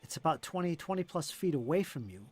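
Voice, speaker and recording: A man's voice: on the high side, fast. Easygoing male game master. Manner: relaxed, conversational, with frequent fillers. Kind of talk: narrating a tabletop game.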